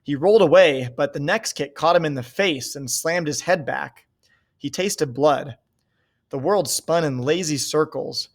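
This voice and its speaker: A man reading a novel aloud in a steady, measured way. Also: a little high. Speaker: reader.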